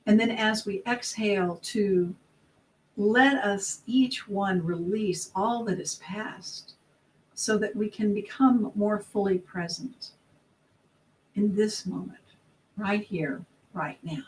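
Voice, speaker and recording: A service leader calmly guiding a breathing meditation. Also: medium pitch, slight background noise, poor audio. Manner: calm, slow, soothing guidance.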